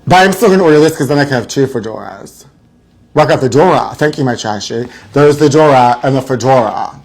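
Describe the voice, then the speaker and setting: A man's voice: medium pitch, big pitch swings, normal speed. A man hosting a live celebrity gossip show, theatrical and mock-frightened, calling his viewers honey. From Los Angeles area.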